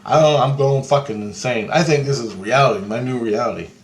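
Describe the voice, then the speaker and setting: A man's voice: mid-range voice, brisk, slight background noise. A man telling a rambling first-person account of a vision, profane and awestruck. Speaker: storyteller recounting a vision.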